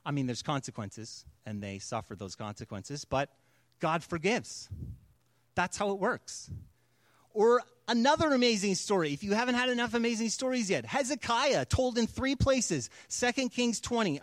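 Male pastor, conversational storyteller, fairly high pitch, dry close sound. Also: expressive, moderate pace, no room sound. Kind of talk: sermon.

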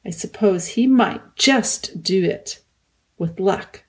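A woman's voice: mid-range voice, slow, darkish tone, breathy edge. A woman voicing a loyal young prince who talks tensely and eagerly.

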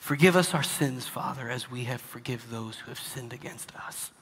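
A male pastor preaching a sermon, dropping to hushed, near-whispered lines and then rising to loud, emphatic preaching. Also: medium pitch, moderate pace, husky, big-room sound.

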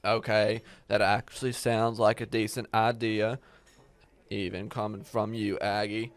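A man playing a grumpy, greedy old diner manager with a gruff, dismissive manner in an amateur comedy sketch. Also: lowish voice, little pitch movement, no room sound. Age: older. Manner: gruff, dismissive and slow-spoken.

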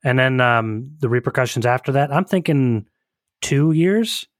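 A man's voice: medium pitch, expressive, measured pace, dry recording. Man chatting on a dry-sounding podcast. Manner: conversational, hedging, chuckles. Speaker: home inspector. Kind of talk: casual podcast chat.

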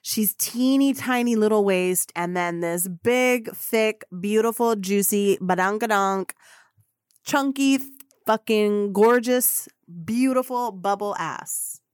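A woman hosting a podcast, telling a personal story in an excitable, gushing way and swearing casually. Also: medium pitch, slow pace, smooth, dry recording, studio quality. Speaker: podcast host.

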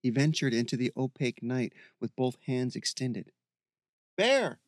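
Brief: male audiobook narrator, steady even reading, medium pitch, dead-dry booth sound. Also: moderate pace, dry recording.

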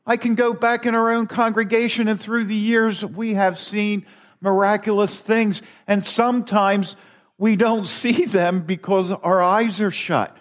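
A middle-aged man preaching in a church with a slightly raised voice. He talks slowly and casually, wandering through his thoughts with restarts and small chuckles. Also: sits high, fairly even intonation. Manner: rambling, folksy, with restarts and chuckles. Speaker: lay preacher. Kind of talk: conversational sermon. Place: church sanctuary.

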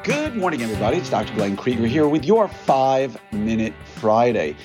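An orthodontist hosts his own podcast, talking solo in a casual, folksy way while working through numbers out loud. His medium-pitched voice swings widely in pitch at a moderate pace, with music playing underneath.

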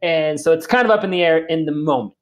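A man in his thirties, a teacher, talking casually as a podcast guest in a relaxed, friendly way with lots of fillers. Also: on the high side, fast. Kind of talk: casual interview talk.

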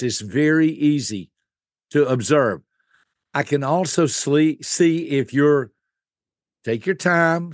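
Older male expert guest; animated, fairly high-pitched teaching voice; dry, close recording. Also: dry recording. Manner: animated, acts out quick voices of types. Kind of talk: explanatory teaching talk.

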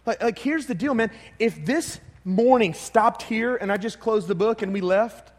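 A man with a high voice, preaching to his congregation in a relaxed, conversational way and often restarting his sentences. His voice carries a long reverb from the church hall around him. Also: normal speed. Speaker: pastor. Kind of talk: sermon.

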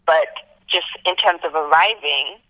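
A young Caribbean travel blogger from Antigua recounts her story at a measured pace during an interview, animatedly voicing what others told her with sharp jumps in pitch. The recording is dry and lo-fi.

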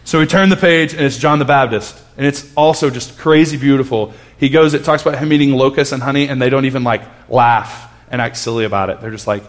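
A man's voice: medium pitch, brisk, hardly any pauses. Earnest man telling a sermon story. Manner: earnest storytelling with frequent restarts. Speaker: pastor. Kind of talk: conversational sermon.

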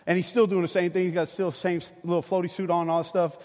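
A middle-aged man preaching a sermon, telling a family story in a lively, conversational way. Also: high voice, fast. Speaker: pastor. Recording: long hall reverb.

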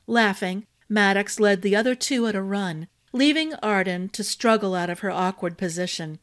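Woman storyteller reading a fantasy book, even expressive delivery, middle pitch. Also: moderate pace, few pauses. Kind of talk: audiobook narration of a fantasy novel.

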